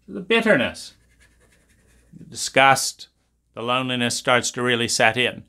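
A man's voice: mid-range voice, animated, unhurried, creaky, pauses often, sharp tone, smooth. A man teaching about trauma in an intense, impassioned monologue, swearing and hammering points through repetition. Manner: intense, profane, repetitive emphasis.

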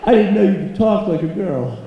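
Guy doing a jokey keynote, kinda high voice, booming hall echo. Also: animated, fairly quick, background noise. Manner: self-mocking, comic timing. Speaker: keynote speaker. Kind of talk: humorous storytelling speech. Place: large lecture hall. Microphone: stage microphone. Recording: echoey hall, dull lo-fi sound.

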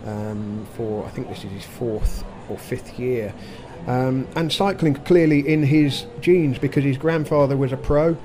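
Chatty man co-hosting a podcast. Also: mid-range voice. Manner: chatty, full of fillers and asides. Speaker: podcast co-host. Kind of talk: casual chat. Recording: recording with clear background noise.

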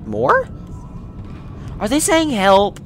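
A man's voice: extremely high pitch, very animated, extremely slow, creaky, faint music behind. Young man cursing through a game. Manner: joking, swearing, laughing at himself. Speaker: let's play gamer. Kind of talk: casual gaming commentary.

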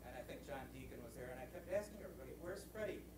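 A man's voice: medium pitch, lively intonation, heavy background noise. A man, a former magazine writer, telling rambling stories on a panel at a library event. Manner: brisk, rambling storyteller with crowd laughter. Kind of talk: animated anecdote telling. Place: library event hall with audience.

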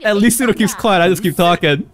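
A man's voice: sits high, fast. A man streaming an anime reaction, chatting casually, laughing often and talking to the characters on screen. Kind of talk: casual live reaction commentary.

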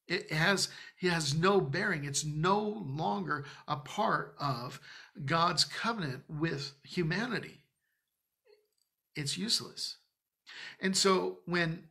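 A man preaching in a church with a gravelly edge to a bright, sharp voice, a little higher than most men. He teaches from scripture in an emphatic, conversational manner and breaks off now and then for joking asides. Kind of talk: Bible-study sermon.

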